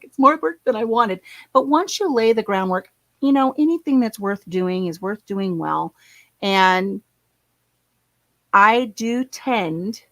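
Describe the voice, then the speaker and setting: A woman's voice: mid-range voice, dry recording, low-quality recording. A middle-aged woman, chatting casually and rambling with her viewers as host of her channel. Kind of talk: casual livestream chat.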